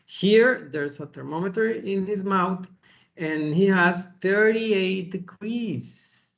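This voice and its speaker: Slow, gravelly man teaching English. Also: sits high, dull audio. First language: Spanish. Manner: slow, patient, repeats words and adds "okay?". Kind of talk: kids' vocabulary lesson.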